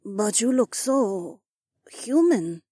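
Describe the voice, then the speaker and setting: A man voicing a raspy young noblewoman. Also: sits high, very animated, slow pace, mellow, no echo, studio quality, pitched above the performer's own voice, exaggerated voice. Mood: curious.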